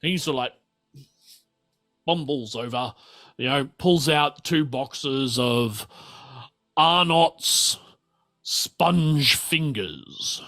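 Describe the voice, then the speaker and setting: Slow, bright-voiced Australian game master. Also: male voice, mid-range voice, faint music behind. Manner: relaxed, rambling, many fillers. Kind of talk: narrating a tabletop game.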